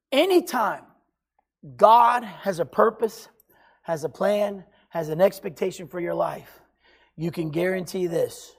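A preacher delivering an emphatic sermon, swinging between loud exhortation and hushed, quiet passages. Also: mid-range voice, a little slow, gravelly, slightly rough.

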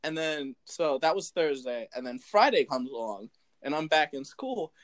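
A man in casual chat, telling a story in a lively way and acting out the voices of the people in it. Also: fairly high pitch, moderate pace. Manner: lively, acts out quoted voices. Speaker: storyteller recounting a school memory.

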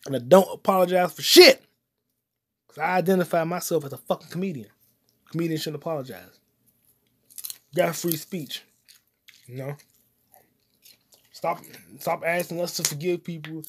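Man, solo podcast host, comedy rant, heavy cursing, munching while talking, loud-soft swings. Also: moderate pace, pauses often, slightly rough. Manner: profane, loud swings in volume and pitch; eating popcorn while talking.

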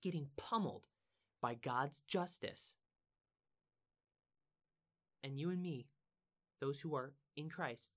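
A man with a mid-range voice gives casual, conversational Bible teaching. Earnest and emphatic, he stresses points by repeating words and asks his audience questions.

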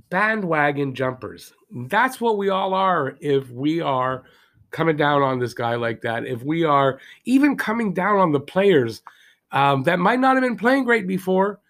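A man's voice: high-pitched, vocal fry, fairly bright tone. A man hosting a solo hockey podcast, ranting heatedly and firing rhetorical questions at his listeners. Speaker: podcast host. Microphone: podcast mic, also filmed for video.

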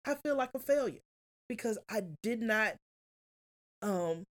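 A woman's voice: a little high, lively intonation, a little slow. Earnest woman telling a personal story. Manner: earnest, confessional, often quotes herself. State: close to tears. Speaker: guest.

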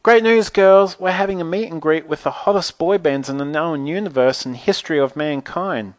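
A man voicing a cheerful adult woman school librarian who makes chirpy announcements, raised well above his own pitch. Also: normal speed, no room sound, lightly acted.

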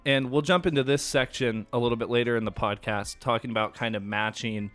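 A man's voice: mid-range voice, fairly even intonation, brisk, a bit bright, faint music behind. A man co-hosting a casual podcast about sales and negotiation, talking in a conversational way. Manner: conversational, acts out sales lines. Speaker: podcast co-host.

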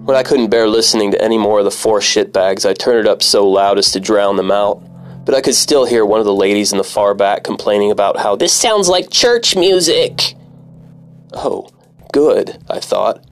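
Brief: low-pitched male storyteller, wry and profane, faint music underneath. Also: fairly even intonation, brisk, smooth. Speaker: former cab driver. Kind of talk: personal story narration.

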